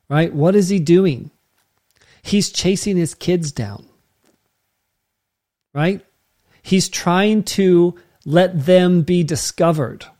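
A man's voice: on the high side, a little mellow. A man preaching a sermon as pastor, in a conversational way that keeps checking in with the listeners.

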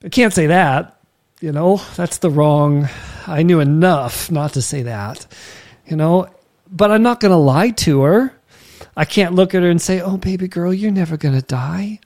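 A man preaching, telling a personal story with lively quoted dialogue and emphatic turns. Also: a little high, unhurried. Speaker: pastor. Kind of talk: sermon storytelling.

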